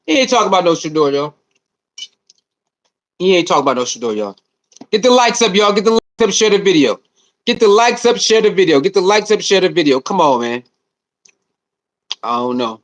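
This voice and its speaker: High-voiced animated livestream host. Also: male voice, brisk. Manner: animated, repetitive, slangy banter with viewers. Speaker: livestream host reading chat. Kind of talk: casual livestream chat.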